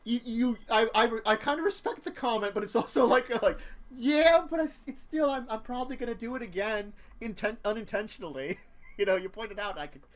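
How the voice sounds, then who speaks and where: A man's voice: very high-pitched, brisk. A man in his thirties from near Philadelphia, hosting a casual tabletop gaming chat, rambling and correcting himself with frequent laughs. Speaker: show host.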